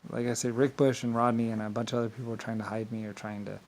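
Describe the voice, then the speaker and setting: A man's voice: medium pitch, little pitch movement, very fast, darkish tone, low-quality recording. A man in a rambling, grandiose monologue to camera, swearing and laughing at himself. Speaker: vlogger.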